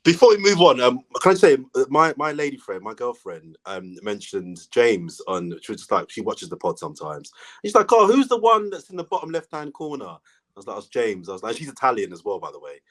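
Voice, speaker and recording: A man's voice: fairly low pitch, expressive, brisk, a bit bright, low-quality recording. A man co-hosting a casual podcast, hesitant and stopping to laugh. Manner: hesitant, restarts, giggly. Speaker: podcast co-host. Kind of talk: casual chat.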